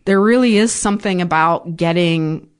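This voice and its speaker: A woman from Ukraine speaking as a podcast guest, her voice sitting a touch low. She talks frankly, swears freely and acts out her own past outbursts as she tells personal stories. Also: normal speed, clean tone. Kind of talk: candid conversational storytelling.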